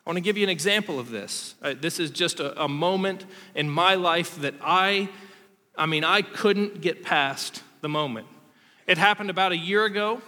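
A man's voice: high-pitched, moderate pace, pushed and bright, big-room sound. A man in his thirties preaching a sermon, telling a story about himself and acting out the quotes in it. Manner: storytelling, self-deprecating, acts out quotes. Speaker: pastor.

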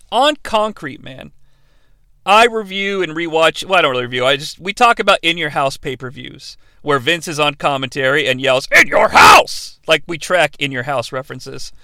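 Bright, clear-voiced sarcastic podcast host. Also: male voice, fairly high pitch, no room sound. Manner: playful, sarcastic, jumps into impressions. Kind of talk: comedic wrestling review podcast.

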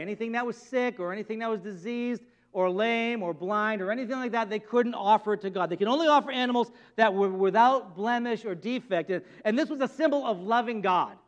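Very high-voiced male pastor preaching. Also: highs cut off. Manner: conversational preaching with repeated words and rhetorical questions; acts out God and the people in quoted speech. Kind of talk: sermon.

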